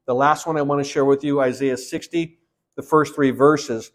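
A man preaching a sermon, reading Bible verses aloud and explaining them, growing louder on key verses and dropping low to close a point. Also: steady tone, moderate pace. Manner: reads scripture aloud then explains it, with fillers and repeats. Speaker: pastor.

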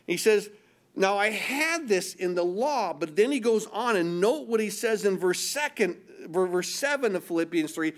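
High-pitched guy preaching, lots of "do you understand", repeats himself. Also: animated, normal speed. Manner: repetitive, rhetorical questions, acts out voices. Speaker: pastor. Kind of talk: sermon.

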